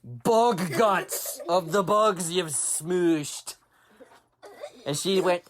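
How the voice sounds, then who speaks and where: A man's voice: a little high, takes it slowly, crowd noise. A man telling a children's story in a playful manner, often laughing as he goes.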